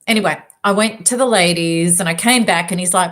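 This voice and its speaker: A woman self-help speaker telling a personal story in an emphatic, lively way. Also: lowish voice. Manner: lively, emphatic, quick asides. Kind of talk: storytelling talk to an audience.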